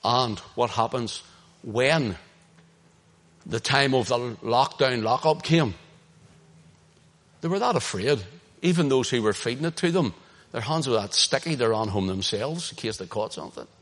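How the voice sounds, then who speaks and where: Male preacher, Northern Irish accent, mid-range voice, impassioned sermon with loud-to-hushed swings. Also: mid-range voice, animated, measured pace, pauses often. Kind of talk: sermon, streamed online.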